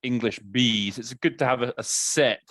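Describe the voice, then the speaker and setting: A man casually explaining interpreting tips as a coach, relaxed with small restarts. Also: medium pitch, normal speed, no echo.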